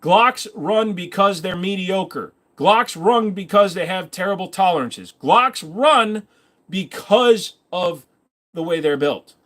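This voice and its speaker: A man's voice: high voice, lively intonation, fairly bright tone. A man hosting a casual livestream, reading viewer comments and answering them in a rambling, offhand way. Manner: rambling, offhand, quick asides. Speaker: streamer host.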